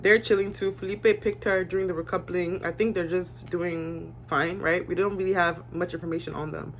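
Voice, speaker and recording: A woman's voice: lowish voice, steady tone, normal speed, a little hiss or hum. Young woman, casual and blunt, talks straight to camera with her own opinions. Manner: chatty, candid, acts out cast members' lines. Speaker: reality show reviewer.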